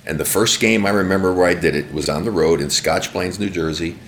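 A man's voice: low voice, a little fast, vocal fry, slight background noise. An older man being interviewed, who tells stories bluntly and emphatically and acts out the voices in his anecdotes. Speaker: interview guest. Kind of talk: animated interview storytelling.

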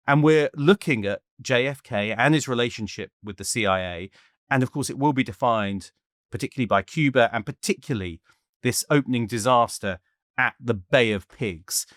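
A man's voice: medium pitch, dry recording, studio quality. A man with a South London accent co-hosting a podcast, wry and self-mocking in casual chat. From England. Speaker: podcast co-host.

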